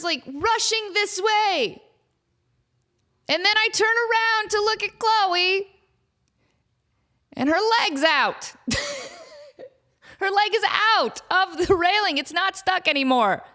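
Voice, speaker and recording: Woman podcast host, thirties, high voice, casual comic storytelling, animated. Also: takes it slowly, pauses often. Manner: animated, often laughing, acts out the people in her stories.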